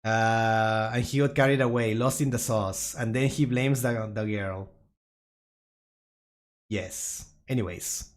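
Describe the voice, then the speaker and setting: At a slow pace and with a steady, medium-pitched voice, a streamer casually responds to memes and addresses chat. Frequent laughter and self-mockery run through their chatty talk.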